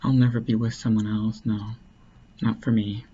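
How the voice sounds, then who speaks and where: A man voicing a sad, heartbroken young waitress in a breathy, whispery voice, quoting her in a casual anecdote. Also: on the low side, flat delivery, moderate pace, dark tone, highs cut off. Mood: forlorn.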